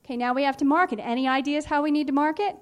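A woman teaching a phonics and spelling workshop, explaining in a clear, patient, instructive way. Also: high-pitched, very fast.

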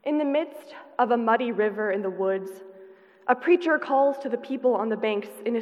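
A woman's voice: fairly high pitch, moderate pace. Earnest young woman speaking in a hall. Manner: earnest, carefully paced delivery. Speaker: student speaker. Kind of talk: prepared conference speech. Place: conference hall. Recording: dull, reverberant hall sound.

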